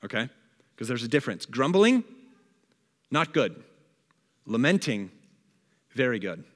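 A man preaching a sermon, reading scripture aloud and acting out a grumbler's complaints with lively energy. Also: medium pitch, measured pace, in a large hall. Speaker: pastor. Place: church hall.

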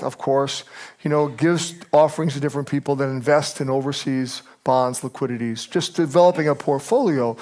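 An older man preaching a sermon as pastor, telling stories with energy and acting out the people he quotes. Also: on the high side. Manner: animated storyteller, acts out quotes.

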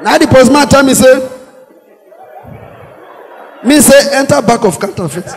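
High-voiced Nigerian comedian in a hall. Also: male voice, unhurried, some chatter behind. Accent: Nigerian Pidgin English. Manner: animated, acts out voices of police, shouting and laughing. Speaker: stand-up comedian. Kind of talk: stand-up comedy storytelling. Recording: echoey hall with long reverb.

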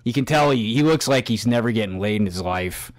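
A man's voice: on the low side, lively intonation, fairly quick. A man hosting a profane, mocking commentary rant, swearing constantly and laughing at his own jokes. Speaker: host.

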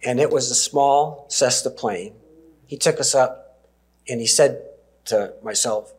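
A Canadian man in his sixties, a preacher giving a sermon full of personal stories, with gentle laughs and emphatic pauses. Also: mid-range voice.

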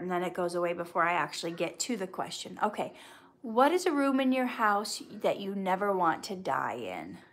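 Woman on a live q&a, mid pitch, chatty and candid, thinks out loud. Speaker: actress hosting a live Q&A. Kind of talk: casual live-stream chat reading viewer questions.

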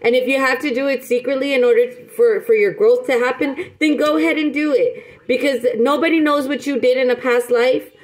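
A woman with a fairly high voice gives a casual tarot reading to camera. She talks in an emphatic, rambling way, breaks off and restarts often, and calls her listeners pet names. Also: brisk, few pauses, rough recording. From United States. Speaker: tarot reader.

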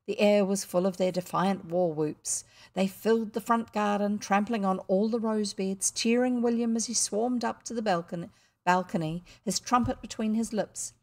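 A woman with a New Zealand accent reading a classic children's story aloud, expressive with the odd slip and restart. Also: medium pitch, normal speed. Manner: expressive, occasional slips and restarts. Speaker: audiobook reader.

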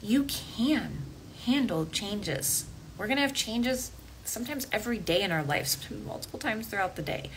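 On her coaching podcast, a woman health coach addresses listeners casually and directly, sprinkling in "okay?" and "right?" checks. She speaks at normal speed with a medium-pitched, expressive voice over a rough recording with a bit of hiss or hum.

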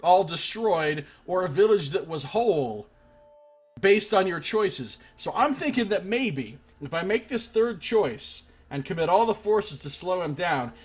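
Husky-voiced man doing game commentary. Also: high voice, animated, measured pace, faint music behind. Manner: chatty and self-deprecating, greets chat viewers. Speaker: Let's Play streamer. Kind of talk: casual game commentary, reading game text aloud.

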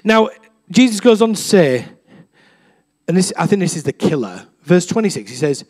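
Man, young, relaxed sermon full of stories; high voice that swoops a lot. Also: normal speed. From England. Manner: chatty, self-deprecating, acts out quoted voices with big swings. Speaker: preacher. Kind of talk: casual sermon with storytelling.

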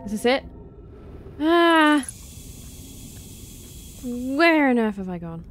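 A woman's voice: high-pitched, very animated, very slow, slight background noise. A woman playing through a video game, reacting with jumpy exclamations, sudden swearing and talk about being scared. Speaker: let's play host. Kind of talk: gameplay commentary. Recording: game music loud behind voice. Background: game music and sound effects.

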